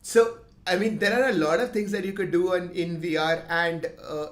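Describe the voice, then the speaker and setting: A man's voice: sits high, steady tone, normal speed. A man hosting a casual chat, laughing easily and restarting his sentences often. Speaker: host.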